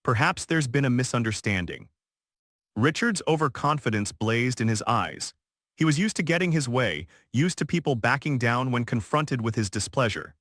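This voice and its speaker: A man reading a dramatic story as narrator, in a steady, even storytelling delivery. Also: mid-range voice, moderate pace, no room sound, studio quality. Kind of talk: scripted narration.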